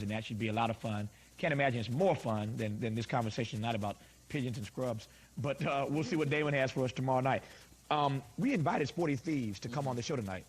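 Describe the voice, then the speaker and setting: A man's voice: mid-range voice, slight background noise. A man hosting a live call-in talk show, bantering teasingly with guests and taking callers.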